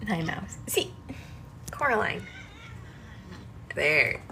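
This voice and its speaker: A woman's voice: expressive, a little slow, vocal fry, slight background noise. A tired woman on a home live stream, chatting casually and cooing at her cats in baby talk. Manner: high baby-talk to cats, soft hushing to kittens. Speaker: cat rescuer streaming live. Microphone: phone.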